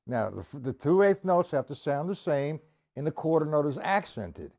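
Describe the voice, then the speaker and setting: A man teaching drum rudiments on a live stream, talking straight to viewers in the chat and counting beats out loud with strong accents. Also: on the high side, animated, moderate pace.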